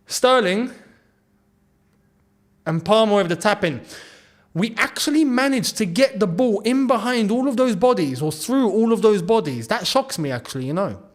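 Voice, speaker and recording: A man calls a football match live as he watches it, his voice sitting high and leaping all over the place. He drifts between low mutters and shouts whenever the game turns. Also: moderate pace. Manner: excitable, swings between muttering and shouting at goals.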